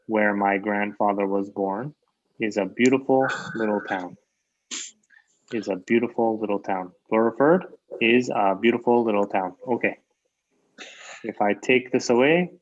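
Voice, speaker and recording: A man's voice: lowish voice, measured pace, pauses often. A man teaching an English grammar lesson online. He explains with examples, repeats key phrases and keeps checking with "right?". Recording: lo-fi dull sound.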